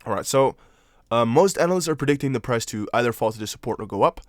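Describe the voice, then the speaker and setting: A man's voice: medium pitch, lively intonation, quick pace, dry recording, clean studio sound. A young man, not a native English speaker, hosting a casual live stream, chatting loosely and answering viewer comments with restarts and apologetic asides. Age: young adult. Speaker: crypto livestream host.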